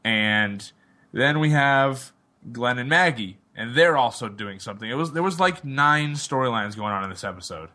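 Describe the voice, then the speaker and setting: A man recaps a show in an animated, incredulous way, breaking off into mocking asides. His voice has a bright, forceful edge. He talks loosely and conversationally. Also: mid-range voice, moderate pace. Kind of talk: casual discussion of a TV episode.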